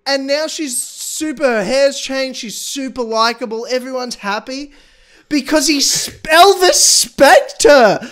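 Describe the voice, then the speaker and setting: A man's voice: extremely high pitch, slow pace, a bit bright. A young man co-hosting a podcast, telling a story in casual chat, laughing and swearing a lot. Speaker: podcast co-host.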